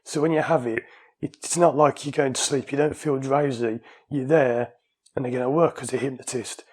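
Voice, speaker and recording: A man's voice: medium pitch, fairly even intonation, moderate pace, a little mellow, slightly rough. A man casually telling stories of his own experience to camera at home, chatty and anecdotal, recorded on a small dictaphone. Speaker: vlogger sharing his surgery experience. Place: at home, indoors.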